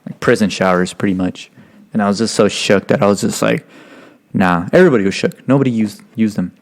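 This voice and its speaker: A man's voice: fairly low pitch, fast talker, gravelly. A young man casually telling a rambling, profane story as a podcast guest. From United States. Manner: profane, rambling, acts out drill instructors' yelling.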